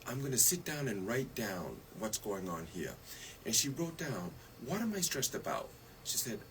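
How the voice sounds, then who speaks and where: A man's voice: mid-range voice, a bit bright, poor audio. Guy on a radio show talking stress, laughs a lot, keeps saying you see, faint hum behind. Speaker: wellness guest. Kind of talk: casual radio chat.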